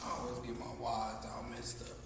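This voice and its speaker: A man teaching a language class, slowly drilling pronunciation and repeating words for students. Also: mid-range voice, monotone, noisy background. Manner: slow, repetitive drilling of pronunciation. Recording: echoey hall, far from the mic.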